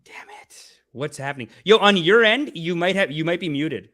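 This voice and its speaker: Podcast guy, swears a lot, voice jumps all over, kinda high. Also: moderate pace. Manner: profane, animated, rambling. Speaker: podcast host. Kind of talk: casual podcast banter.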